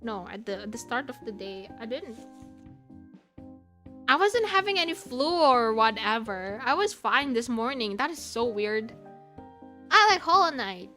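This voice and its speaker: A young woman chats casually with her stream viewers in a bright, high voice that swoops all over, giggling often and breaking into squeals. She talks at an unhurried pace, and soft music plays quietly behind her. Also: sing-song. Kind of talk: casual chat with chat. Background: soft background music.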